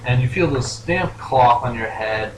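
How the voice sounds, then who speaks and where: A man's voice: mid-range voice, expressive, unhurried. Male game master, rambling narration, roomy echo with faint hiss. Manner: rambling, filler-heavy narration. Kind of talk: narrating a tabletop role-play. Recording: echoey room with faint noise.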